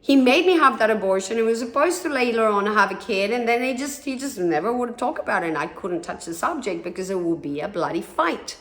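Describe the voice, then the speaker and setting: A woman's voice: fairly high pitch, lively intonation, fairly quick, hardly any pauses. A woman in her thirties telling her own story candidly, frank and blunt, swearing freely and acting out what others said. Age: 30s. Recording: echoey room.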